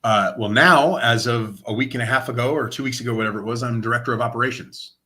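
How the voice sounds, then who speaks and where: A man from Lane County, Oregon, a nonprofit director of operations, is a guest in an interview, telling his story casually. His voice is mid-range and quick, and he retells events in an animated way, acting out quoted dialogue.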